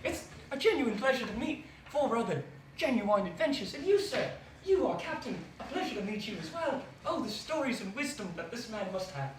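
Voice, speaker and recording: A woman's voice: fairly high pitch, very animated, fairly quick, few pauses, recorded from a distance. A woman voicing an exuberant, giggly young male gnome adventurer in a tabletop role-play game. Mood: effusive. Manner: bubbly, giggly, effusive. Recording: roomy, noisy, from off-mic.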